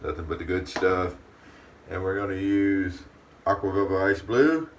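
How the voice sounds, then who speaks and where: A man with a low-pitched voice hosts his shaving channel from his bathroom, chatting to the camera at a normal speed in a folksy way and referring to himself in the third person. The mic sits at a distance and catches faint room noise.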